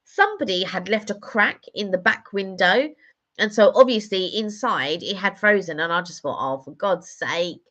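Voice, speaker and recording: A woman's voice: mid-range voice, expressive, normal speed, fairly bright tone, lo-fi sound. A woman chatting casually on a live stream, telling rambling stories with lots of fillers. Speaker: vlogger doing a live stream. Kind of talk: casual chat.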